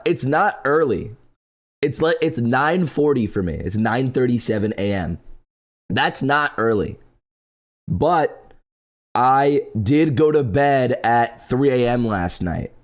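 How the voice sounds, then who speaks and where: A man's voice: medium pitch, expressive, slow pace. A young man streaming live, chatting casually with his viewers and thanking donors, his voice stuffy and congested from just waking up. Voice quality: congested morning voice. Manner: laid-back, answers chat and thanks donors.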